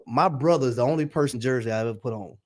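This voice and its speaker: A man hosts a casual sports chat, firing off quick questions and stumbling over his words a little. His voice has a middling pitch. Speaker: host asking questions.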